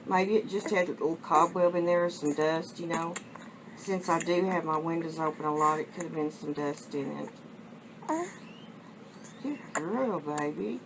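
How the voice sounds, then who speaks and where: A woman with a West Texas accent, chatting on her home vlog and cooing baby talk to a reborn doll in a soft, drawn-out way. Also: deep voice, fairly even intonation. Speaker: reborn doll collector vlogger. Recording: noisy home video.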